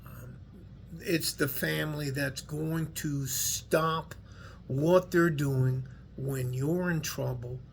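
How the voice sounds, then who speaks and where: A middle-aged man with a West Texas twang and a gravelly, somewhat high voice talks straight to his viewers. He rambles in an earnest, folksy way and curses freely. A faint hiss sits under the recording. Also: fairly even intonation, takes it slowly. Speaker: vlogger. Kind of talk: casual heartfelt monologue to viewers.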